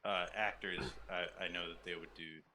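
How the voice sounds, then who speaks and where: Low-voiced man on a noisy line. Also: fairly even intonation, moderate pace, sharp tone. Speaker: player. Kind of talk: casual chat over voice chat.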